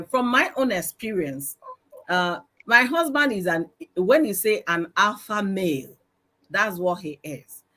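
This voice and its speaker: A middle-aged Nigerian woman speaks loudly and with emphasis, telling stories from her own life. Her voice sits at an ordinary pitch for a woman. She talks as one of several panelists in a live-streamed group discussion. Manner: loud, emphatic, storytelling. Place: live stream video call.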